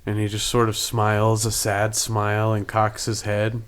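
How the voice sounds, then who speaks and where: A man's voice: fairly low pitch, monotone, normal speed, slight background noise. A man narrating a tabletop game as game master, describing scenes in an easygoing way.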